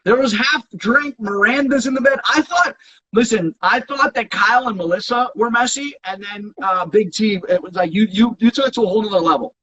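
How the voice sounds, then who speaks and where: A man hosting an aftershow, chatting on a video call with a guest in a loud, teasing, playful way. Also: sits high, fairly quick, highs cut off. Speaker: aftershow host. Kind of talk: casual interview chat.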